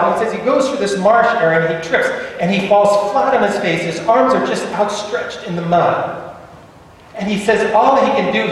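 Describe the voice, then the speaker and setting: A man preaching, telling a story dramatically with stammered repetitions, swinging between loud and hushed. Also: high voice, a little hiss or hum. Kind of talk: sermon storytelling. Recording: echoey hall, voice from far off.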